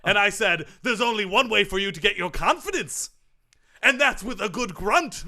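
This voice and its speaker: A pompous grunt coach, high-pitched and bright, as a man plays him in a comedy podcast sketch. He swings his pitch all over the place while boasting about his famous pupils. His grunt demonstrations burst out loud and exaggerated. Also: animated, moderate pace, full character voice. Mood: smug. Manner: pompous and self-congratulating. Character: boastful male tennis grunt coach, self-important. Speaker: sketch character.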